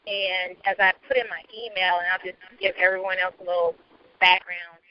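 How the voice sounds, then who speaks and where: A woman in her thirties, a guest asking questions, gives an earnest, halting, emotional personal testimony while speaking on a call from her car. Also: fairly low pitch, steady tone, lo-fi sound. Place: in a moving car. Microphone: phone or call audio while driving.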